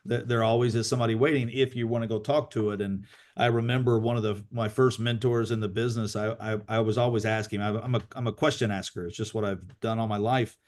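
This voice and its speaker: A man's voice: fairly low pitch, fairly even intonation, fast, a little mellow. A man hosting a team video call, telling motivational stories in a casual way, often restarting and repeating his words.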